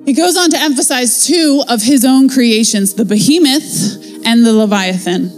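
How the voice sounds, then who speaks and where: A woman's voice: on the high side, normal speed, faint music behind. A woman giving a casual, conversational devotional Bible teaching in a chatty, playful way.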